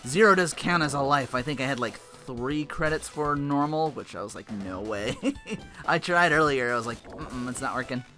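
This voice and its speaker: A man's voice: on the high side, moderate pace, pushed and bright. Profane rambling man narrating gameplay. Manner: rambling, profane, joking asides. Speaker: let's play host. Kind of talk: casual gameplay commentary. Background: game music.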